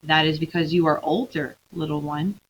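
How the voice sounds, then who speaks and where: A woman reading aloud and voicing a great wise male lion, speaking slowly, quietly and gravely. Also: sits low, steady tone, highs cut off, slight background noise, lightly acted. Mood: gentle, grave.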